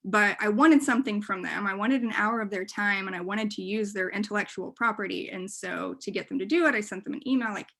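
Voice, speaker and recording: A woman gives a casual workshop presentation. She talks in a loose, chatty way, with many fillers and quick asides to the audience. Her voice sits at an ordinary middle pitch. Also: creaky, a bit bright. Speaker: workshop speaker.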